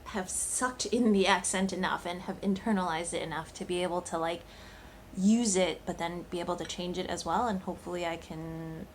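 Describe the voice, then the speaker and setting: A woman's voice: on the low side, steady tone, normal speed, a little hiss or hum. A woman talking casually to camera in a vlog, thinking aloud with lots of fillers and restarts. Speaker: cooking channel host.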